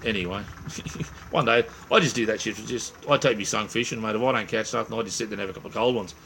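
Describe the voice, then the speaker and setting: Running short on sleep, this Aussie livestream host rambles casually through a late-night chat, leaning hard on "um," "mate," and other friendly slang and fillers. He speaks in a creaky mid-range voice over a bit of background noise.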